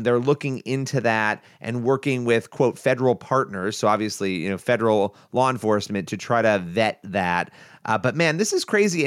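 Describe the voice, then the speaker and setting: A man's voice: mid-range voice, a bit bright, dry recording. Guy on a news podcast going over a story, um and uh a lot, dry close sound. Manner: conversational, retells the story with fillers and restarts. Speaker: podcast co-host. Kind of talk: news commentary chat.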